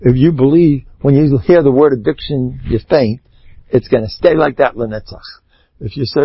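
Very husky, gravelly male preacher. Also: mid-range voice, animated, a little fast, no room sound, highs cut off. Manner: exhorting, conversational, addresses listeners directly. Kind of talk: informal sermon.

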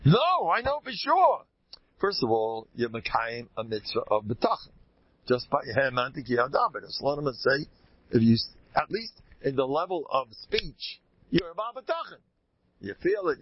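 A man, a rabbi, teaching a lively religious class, telling anecdotes with bursts of loud emphasis. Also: medium pitch, slightly rough, dry recording, dull audio.

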